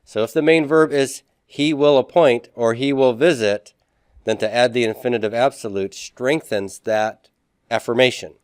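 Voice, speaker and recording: A man teaching a recorded grammar lecture, explaining step by step, spelling out Hebrew words slowly and often asking "okay?" to check in. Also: medium pitch, fairly even intonation, smooth, no echo, clean studio sound.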